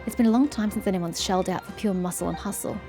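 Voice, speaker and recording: A woman plays a proud dock laborer in a fantasy game, boasting about his crew's muscle. He is steady and self-assured, with faint game music underneath. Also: medium pitch, quick pace, natural voice.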